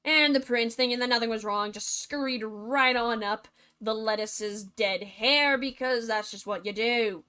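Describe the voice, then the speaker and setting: A woman narrates a fairy tale as comedy, dropping sarcastic jokes in a bubbly, quick manner. Her voice is bright and sits slightly high. The delivery is playful storytelling. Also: clear, resonant tone. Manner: sarcastic, jokey asides, fast and bubbly.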